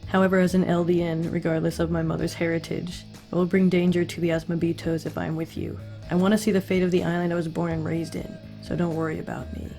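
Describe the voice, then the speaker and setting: A cool, blunt young soldier speaks flatly and quietly, as a woman reads her part. Her voice is pitched low and stays controlled. Soft guitar plays faintly behind. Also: fast talker, gravelly, hardly any pauses.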